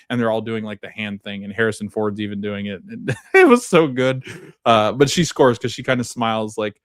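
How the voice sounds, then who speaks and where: A man's voice: fairly low pitch, dry recording, clean studio sound. Chatty man recapping a TV episode. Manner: chatty, many fillers, laughs often while retelling scenes. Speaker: podcast host.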